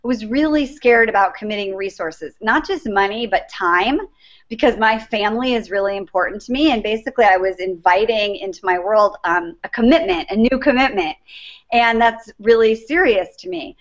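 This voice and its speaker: A woman's voice: medium pitch, normal speed. A middle-aged woman guest in an interview, telling her story in an earnest, reflective way. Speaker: guest, life coach. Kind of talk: interview conversation. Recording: dull lo-fi sound.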